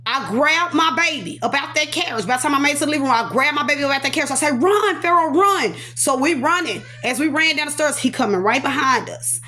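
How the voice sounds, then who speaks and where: A woman giving an animated, emotional personal testimony, acting out sound effects and repeating phrases for emphasis. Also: high-pitched, fast talker, few pauses. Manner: animated, dramatic storyteller voicing sound effects and repetitions; casual, talks aside to her children. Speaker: survivor telling her own story.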